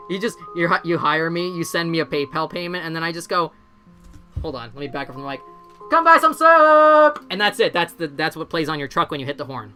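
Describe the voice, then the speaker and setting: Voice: mid-range voice, pushed and bright. A streamer in their forties, chatting casually and self-deprecatingly from a bedroom, swearing freely and laughing often. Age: 40s. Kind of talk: casual live-stream chat.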